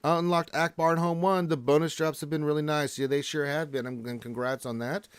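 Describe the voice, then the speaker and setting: A man's voice: on the high side, steady tone, a little fast, clear, resonant tone, no room sound. A man hosting a gaming livestream, casually reading viewer messages aloud and answering them in a laid-back way. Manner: laid-back, reads chat aloud in a lifted voice. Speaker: livestream host reading chat.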